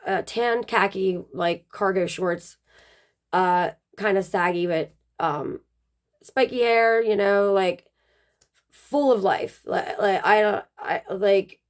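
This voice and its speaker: A woman casually telling a personal story, rambling with plenty of "um" and "like" fillers. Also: fairly low pitch.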